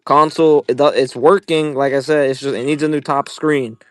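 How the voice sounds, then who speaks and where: A young man hosting a casual live-selling stream, profane and excitable as he pitches items while playing a game. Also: normal speed, no room sound, clean studio sound. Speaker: livestream seller.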